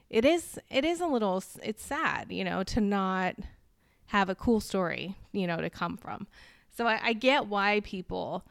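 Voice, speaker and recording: Chatty woman host, smooth voice. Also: medium pitch, no room sound, clean studio sound. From United States. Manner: chatty storyteller, animated when quoting others. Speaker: podcast co-host. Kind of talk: casual conversation.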